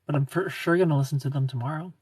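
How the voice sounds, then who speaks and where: This Ohio man hosts a casual livestream, softly reading out viewer comments and slipping in quiet asides. He talks at a racing speed with a slightly rough voice, and there's no echo.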